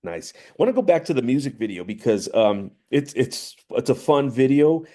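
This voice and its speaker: A man hosting a podcast, asking casual interview questions in a halting way. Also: medium pitch, very animated, mellow. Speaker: podcast host.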